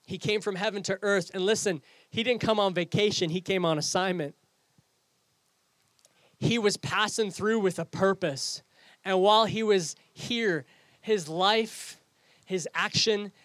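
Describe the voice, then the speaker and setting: A man's voice: sits high, measured pace, fairly bright tone, no echo. A man preaching a sermon as pastor, earnest and rhetorical, speaking straight to his congregation and reading scripture aloud. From Canada.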